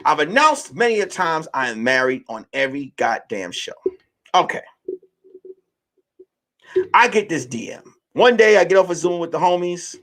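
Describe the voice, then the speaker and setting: Animated, profane man in his late thirties. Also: fairly high pitch, normal speed, long pauses. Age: late 30s. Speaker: podcast host. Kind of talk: casual monologue to listeners.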